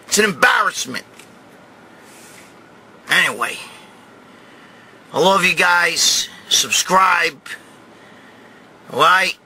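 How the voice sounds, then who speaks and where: A middle-aged man from New York hosting his own show, telling a crude, profane story and shouting in bursts. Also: high-pitched, a little hiss or hum. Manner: loud, crude, swears constantly, shouts in bursts. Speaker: host. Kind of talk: profane storytelling rant to camera.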